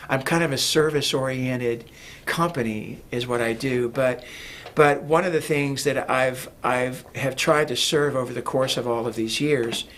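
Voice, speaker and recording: A man's voice: mid-range voice, fairly even intonation, measured pace, fairly bright tone, slight background noise. A man talking as a guest in a casual interview, rambling with many fillers and restarts. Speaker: guest, music producer.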